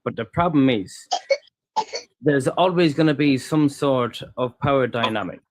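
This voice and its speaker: Man making a measured political point. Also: mid-range voice, dry recording.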